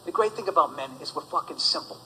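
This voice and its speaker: A man's voice: on the high side, animated, fast talker, sharp tone, slight background noise, poor audio. A man doing a stand-up routine, ranting with profanity and sarcasm. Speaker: stand-up comedian.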